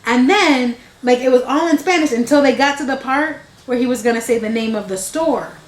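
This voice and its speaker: A woman recounting a family anecdote in a loose, meandering way, often breaking off and restarting. She sounds amused by her own story. Her voice is a bit high, and the room around her is echoey. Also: brisk. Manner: meandering, self-interrupting, amused. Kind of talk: casual storytelling.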